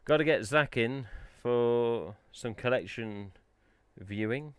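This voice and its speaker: A man's voice: medium pitch, takes it slowly, clear, resonant tone, no room sound. A man hosting a casual live stream, chatting in a rambling way and answering the chat. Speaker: livestream host.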